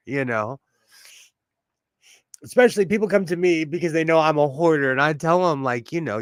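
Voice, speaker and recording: A man's voice: fairly high pitch, big pitch swings, normal speed, no room sound. A man hosting a sewing livestream from home in a chatty, self-mocking way and laughing often. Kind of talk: casual live stream chat.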